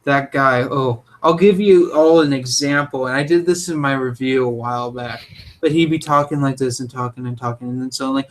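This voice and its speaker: A young man co-hosting a casual chat, opinionated and jokey, with animated delivery. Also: mid-range voice, a little fast. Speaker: podcast co-host.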